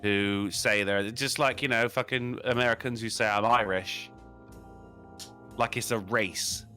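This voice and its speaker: A man's voice: on the low side, fairly even intonation, unhurried, sharp tone, faint music behind. A man co-hosting a casual podcast, teasing with dry wit and mimicking accents. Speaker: podcast co-host.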